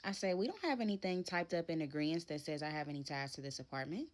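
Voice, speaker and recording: Animated woman telling a dramatic story. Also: low voice, fast talker. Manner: animated retelling, acting out both sides of arguments. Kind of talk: storytime vlog.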